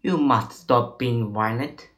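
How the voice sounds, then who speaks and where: A man voicing a calm, stern male monk in a children's story, speaking low, quiet and measured. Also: reverberant.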